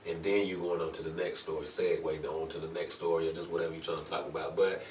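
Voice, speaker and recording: A man's voice: very deep voice, flat delivery, fast talker, a little mellow, a little hiss or hum. A man, a guest comedian, talking in a laid-back, drawling, colloquial way in casual podcast chat. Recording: roomy, distant mic.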